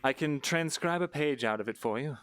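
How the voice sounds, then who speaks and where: A man's voice: a little high, brisk, fairly bright tone, no room sound, natural voice. A man playing a dry, hesitant scribe. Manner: hesitant, many ums and uhs, dry understatement. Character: cautious male scribe, rule-bound and wry. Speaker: roleplay player. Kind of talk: live online fantasy roleplay.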